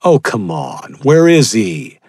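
A man's voice: lowish voice, wildly swooping pitch, takes it slowly, darkish tone, slightly rough, no echo, studio quality, pitched above the performer's own voice, heavily acted. A man voicing a tall, menacing male cannibal leader who taunts gleefully. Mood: taunting.

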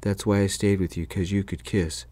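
A man's voice: sits low, fairly even intonation, normal speed, warm tone. A man voicing a drunk, pushy ex-boyfriend who belittles his ex, in whispered role-play. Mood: belittling. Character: drunk, clingy, insulting male ex-boyfriend.

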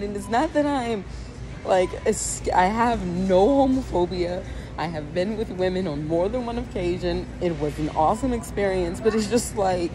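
A woman's voice: mid-range voice, normal speed. A woman vlogger venting casually to camera, exasperated and laughing between her lines, in a vehicle. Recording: steady vehicle noise behind.

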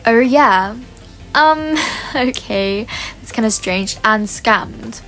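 A bubbly young woman with a bright, high voice chats excitedly to her viewers while she plays, gasping and gushing between lines. Faint music sits under her casual commentary. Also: extremely slow. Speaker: gaming YouTuber.

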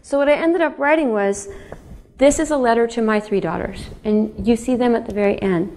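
A woman's voice: fairly high pitch, fairly quick, a little mellow. A woman author giving a public lecture and reading in a museum hall, telling chatty stories, laughing between them and putting questions to the audience.

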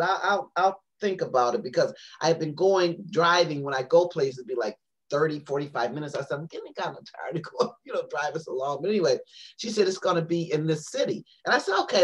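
A woman guest tells a long personal story with lots of fillers and restarts. Her voice is a little husky and her pitch swings up and down as she talks. Her delivery is chatty and animated, as if to a friend. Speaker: guest, poet and author. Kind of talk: casual storytelling in an interview.

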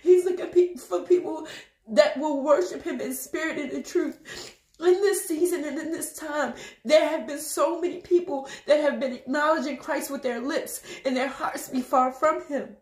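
Crying woman preaching, high voice. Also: fairly even intonation, moderate pace, a little mellow, roomy sound. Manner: emotional, repetitive, exhorting. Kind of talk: tearful spoken testimony.

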